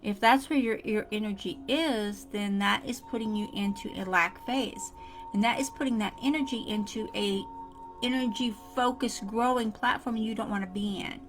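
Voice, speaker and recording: A woman giving a casual motivational tutorial straight to her viewers, earnest and repetitive. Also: on the high side. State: coughing fits. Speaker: self-help vlogger.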